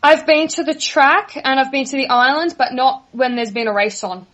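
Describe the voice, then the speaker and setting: A woman's voice: sits high, normal speed, a bit bright, muffled recording. A young woman from Australia with an Australian accent, answering interview questions casually and in a friendly way, laughing easily. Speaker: guest.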